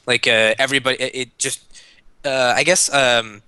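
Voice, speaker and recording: A man's voice: mid-range voice, steady tone, moderate pace, sharp tone, smooth, no room sound. A man on a gaming podcast, speaking hesitantly with many restarts. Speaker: podcast guest. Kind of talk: casual gaming podcast chat.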